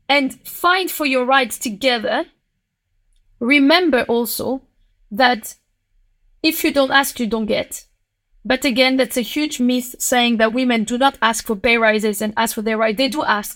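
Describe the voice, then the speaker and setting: A woman with a French accent, a lawyer speaking as a podcast guest, outspoken and emphatic. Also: a little slow. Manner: outspoken and emphatic, with sharp pitch jumps. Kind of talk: passionate podcast conversation.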